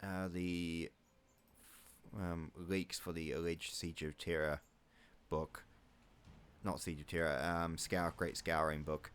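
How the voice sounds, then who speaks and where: A gaming YouTuber from New Zealand gives casual let's-play commentary, rambling with wry asides and muttering his menu choices to himself. His voice sits low, smooth and a bit bright, with a level tone, slow pace and frequent pauses.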